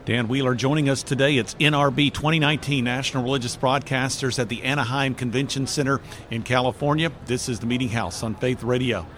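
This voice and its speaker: A male radio host speaks in a measured, steady broadcaster's manner at a middle pitch. He introduces guests and poses questions. Faint noise hangs under the voice. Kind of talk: radio interview and announcing.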